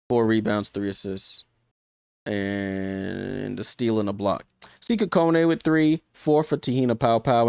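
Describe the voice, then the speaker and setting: A lowish, clean-toned male voice delivers casual live basketball play-by-play on a stream, chatty and often correcting himself mid-sentence with a laugh at his own slips. The studio-quality audio has no echo.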